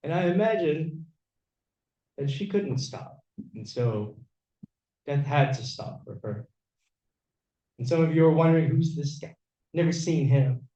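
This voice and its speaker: A man's voice: fairly high pitch, expressive, a little slow, long pauses, mellow. Man speaking from afar in an echoey room. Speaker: friend giving a eulogy. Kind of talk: memorial speech with recited poem. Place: event venue room. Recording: echoey, distant, dull room audio.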